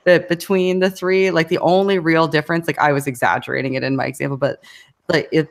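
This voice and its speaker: A woman's voice: deep voice, fairly even intonation, fairly quick. A woman as an interview guest, talking casually in a rambling way with fillers, restarts and frequent laughs. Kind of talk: casual conversation.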